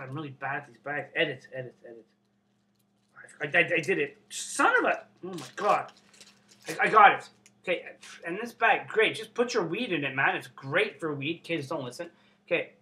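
A young man from Canada vlogging casually, excitable and swearing constantly. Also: a little high. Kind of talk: casual unboxing vlog.

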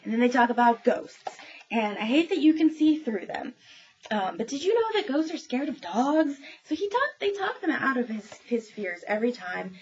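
A woman's voice: mid-range voice, gravelly, darkish tone. A woman reviewing new children's books in a casual book talk, chatty and enthusiastic, with many ums as she retells each story. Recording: dull lo-fi sound with faint noise.

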